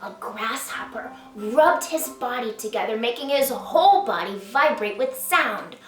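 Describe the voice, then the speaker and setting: Woman storyteller for a children's read-aloud, playful and unhurried, roomy sound with faint music under her. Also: fairly high pitch, expressive, distant mic. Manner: slow, sing-song and playful, invites kids to join in. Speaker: children's author reading her picture book.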